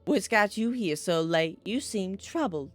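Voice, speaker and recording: A woman voicing a polite, soft-spoken older mother with a put-on Southern accent while reading a game aloud. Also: mid-range voice, animated, measured pace, soft background music, natural voice. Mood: genteel. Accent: put-on American Southern. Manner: polite, gently concerned, lilting. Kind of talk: reading a visual novel aloud, doing voices.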